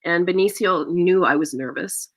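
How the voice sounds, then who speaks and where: A middle-aged woman actor telling an anecdote in an interview, acting out quoted lines with sudden rises in pitch. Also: normal speed. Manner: acts out quoted lines with big pitch jumps and gasps. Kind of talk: animated anecdotal storytelling.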